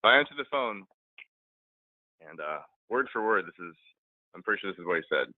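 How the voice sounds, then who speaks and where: A man's voice: low-pitched, animated, fairly quick, no room sound. A man telling a rambling, profane story as a podcast guest, speaking casually over a remote call. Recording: tinny phone-like line, dry.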